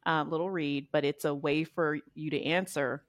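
A woman's voice: low-pitched, fairly even intonation, moderate pace, no room sound, clean studio sound. A woman in her forties, a life coach guest on a podcast, talking reflectively in casual conversation with frequent fillers. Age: 40s.

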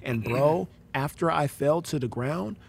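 A man's voice: on the high side, expressive, measured pace, vocal fry, slightly rough. A man, a pastor, telling a personal story in casual conversation, acting out quoted voices and using slang.

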